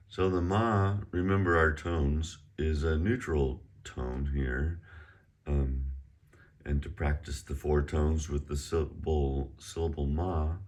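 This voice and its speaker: A middle-aged man teaching a casual online Chinese lesson, chatty and relaxed, drawing out the tones slowly as he models them. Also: very deep voice.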